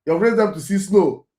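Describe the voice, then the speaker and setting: Speaking at a medium pitch in a reverberant space, this Nigerian host of his own show gives fervent commentary. He hammers on key phrases and slips into Pidgin as he goes.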